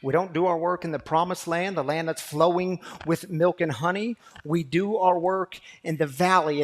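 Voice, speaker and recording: Preaching to his recovery community, a high-voiced male pastor starts with quiet stories and builds to loud, fervent exhortation.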